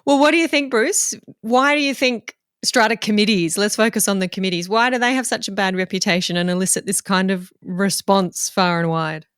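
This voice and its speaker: Female podcast host, smooth and crisp, friendly interviewer who laughs readily. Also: medium pitch, fairly quick, hardly any pauses, no room sound, studio quality. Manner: warm prompting, laughs easily.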